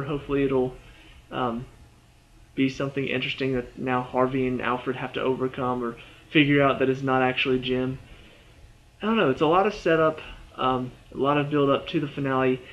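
A man's voice: mid-range voice, muffled recording. A man giving a casual, rambling spoken review of a TV episode, full of "you know" and "like".

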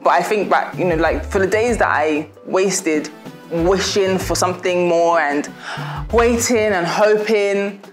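A young woman vlogger, chatty and laughing as she gives warm, preachy advice in a casual talk to her viewers. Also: lowish voice, unhurried, soft background music.

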